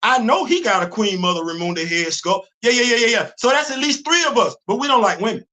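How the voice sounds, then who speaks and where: A man's voice: high-pitched, lively intonation, quick pace, pushed and bright. A middle-aged man, hosting his own show in heated, emphatic casual commentary and repeating himself for force. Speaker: host.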